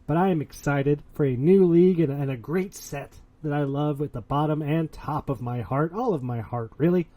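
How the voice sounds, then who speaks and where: A man's voice: on the high side, normal speed, few pauses, highs cut off. A man hosting a casual podcast, talking in a boastful, hyped-up, playful way. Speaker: podcast host.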